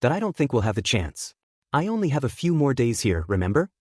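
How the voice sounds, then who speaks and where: A man's voice: mid-range voice, big pitch swings, fairly quick, a little mellow, no echo, clean studio sound. A man voicing an anxious teenage boy villain who is hurt and doubts himself, in a wavering, emotional delivery.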